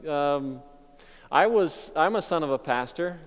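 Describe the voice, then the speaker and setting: Male pastor, fairly high and smooth, unhurried testimony storytelling, long hall reverb. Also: animated. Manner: conversational, unhurried, reflective. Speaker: missionary pastor.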